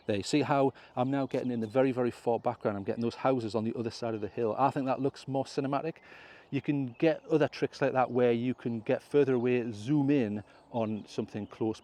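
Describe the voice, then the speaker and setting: This is a drone vlogger from England, medium-pitched with a warm, mellow tone, giving a chatty, step-by-step tutorial outside on a hill. He corrects himself along the way, and a throat-clear and slight cough slip in.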